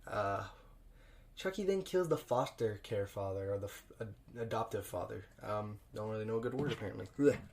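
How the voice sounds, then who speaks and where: A young man hosting a podcast, reviewing a film alone in a loose, profane, chuckling way and jumping louder for emphasis. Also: fairly low pitch, animated, a little fast. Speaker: podcast host. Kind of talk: casual solo film review.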